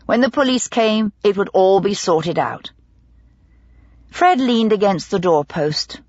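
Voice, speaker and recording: Husky-voiced woman narrating a mystery. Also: mid-range voice, lively intonation, takes it slowly, a little mellow, no echo, dull audio. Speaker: audiobook narrator. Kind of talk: scripted narration.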